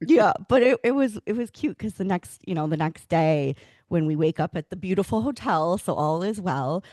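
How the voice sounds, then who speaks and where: A woman's voice: on the low side, moderate pace, no echo. Chatty woman podcast co-host, dry sound. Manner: animated storyteller, acts out quotes. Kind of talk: casual chat, storytelling.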